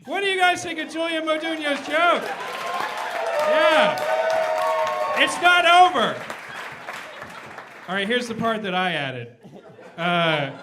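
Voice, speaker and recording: A man's voice: very high-pitched, background noise. A young man doing a stand-up set on stage, rambling and swearing and tagging lines with "right?". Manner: profane, rambling, keeps asking "right?". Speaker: stand-up comedian. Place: on stage before a live audience.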